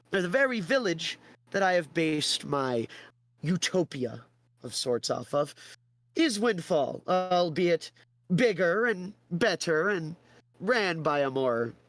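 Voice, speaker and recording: A smarmy lord full of himself, all fake charm and flattery in a raised, showy voice, as a man puts him on for a tabletop game. He talks in sweeping, theatrical phrases and lingers on his own grand words. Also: on the high side, pitched above the performer's own voice. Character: pompous smarmy male lord, fake and boastful.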